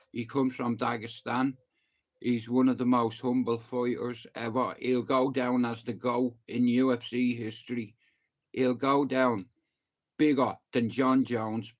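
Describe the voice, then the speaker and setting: An Irish man chats on a live stream in a loose, rambling way. His talk is blunt and sprinkled with swearing. His voice sits at an ordinary middle pitch for a man. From Ireland. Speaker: livestreamer. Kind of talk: casual storytelling on a live stream.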